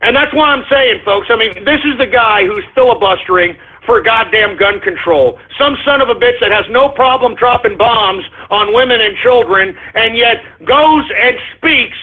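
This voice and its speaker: Angry guy ranting on talk radio, tinny phone-line sound, raspy voice. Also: very high-pitched, normal speed, hardly any pauses. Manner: angry, profane, shouting rant. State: furious.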